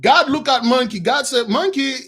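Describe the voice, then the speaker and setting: A man preaching through an animated moral story, excitable and bursting into shouts, in simple non-standard English. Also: very high voice, normal speed.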